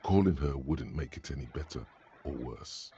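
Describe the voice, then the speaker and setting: A man giving gravelly scripted narration as a game's narrator voice. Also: rumbling low, animated, moderate pace, dark tone, dull audio, a little hiss or hum. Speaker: game narrator voice.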